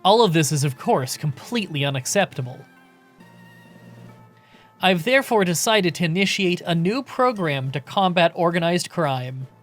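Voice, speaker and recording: A man's voice: fairly high pitch, expressive, moderate pace, fairly bright tone, soft background music. A man voicing a stern male champion in a game, with a formal announcer-style delivery.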